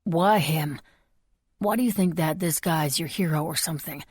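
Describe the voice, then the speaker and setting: An easygoing young man with a teasing streak, voiced by a woman reading an audiobook. He talks bluntly and casually in a low, husky voice. The recording is close and dry. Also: normal speed, a little mellow, no room sound. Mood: probing. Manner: casual, blunt, lightly mischievous. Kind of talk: audiobook character voice.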